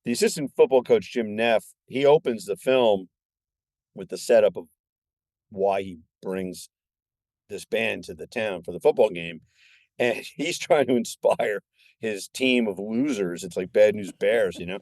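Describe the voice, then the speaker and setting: A man in his sixties, a filmmaker guest on a podcast, telling stories in an animated, excitable way. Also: fairly low pitch, a little slow, no echo, clean studio sound. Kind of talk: casual podcast chat.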